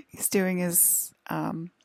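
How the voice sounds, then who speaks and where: A woman talks to her camera in a loose, rambling monologue, stopping and restarting her sentences and now and then sinking into a whisper. Her voice sits low and carries a gravelly fry. The recording is close and dry, with no room sound. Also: lively intonation, a little mellow, no room sound. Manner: halting, many restarts and fillers, drifts into whispers. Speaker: vlogger.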